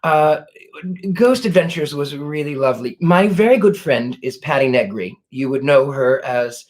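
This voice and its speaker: A man's voice: on the high side, animated, moderate pace, darkish tone. A man, a psychic, hosting a live question-and-answer chat in a genteel, effusive way.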